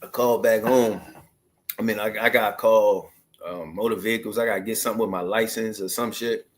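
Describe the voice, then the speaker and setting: A man in his thirties, originally from Maryland, talks straight to the camera in a loose, casual storytelling monologue. His speech is slangy and full of asides, and his voice sits at an ordinary middle pitch. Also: steady tone, brisk. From Maryland, USA. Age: 30s. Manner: loose, slangy street talk with many asides. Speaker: vlogger.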